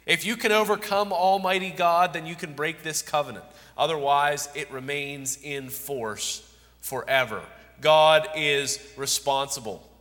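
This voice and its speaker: A man's voice: on the high side, moderate pace, bright, forceful tone, long reverb tail. A man preaching an expository sermon, emphatic and repeating key words for stress.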